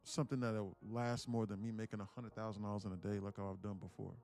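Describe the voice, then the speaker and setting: A man's voice: fairly low pitch, flat delivery, quick pace, darkish tone, faint music behind. A man hosting a live day-trading stream, ranting, swearing and talking motivationally to his viewers.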